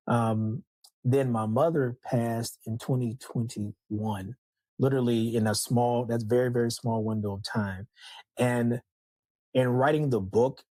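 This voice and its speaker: A man's voice: medium pitch, warm tone, no echo, poor audio. A middle-aged man, a father and podcast guest, speaking in casual interview talk that is reflective and full of hesitations.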